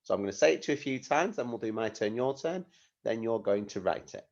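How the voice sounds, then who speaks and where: Lively sing-song male teacher. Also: lowish voice, fast, creaky, dull audio. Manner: patient, sing-song, spells words letter by letter. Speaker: primary school teacher. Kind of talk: recorded phonics lesson for young children.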